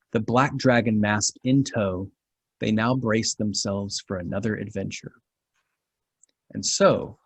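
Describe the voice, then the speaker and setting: A man narrating as game master of a tabletop fantasy game, with dramatic pauses. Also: medium pitch, darkish tone, slightly rough, no room sound.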